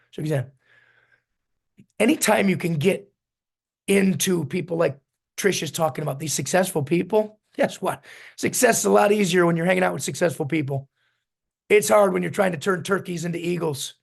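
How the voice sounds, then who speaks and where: Gravelly high-voiced man telling stories. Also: normal speed, long pauses. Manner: storytelling, emphatic repetition. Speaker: business mentor. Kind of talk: motivational team talk.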